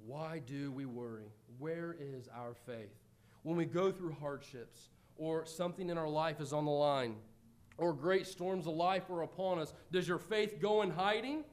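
A middle-aged American man preaching a sermon, earnest, moving between loud pleading and quiet reflection. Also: fairly high pitch, measured pace.

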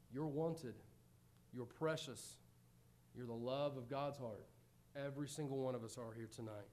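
A middle-aged American man preaching a sermon, earnest, moving between loud pleading and quiet reflection. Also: mid-range voice, a little slow, pauses often, a little hiss or hum.

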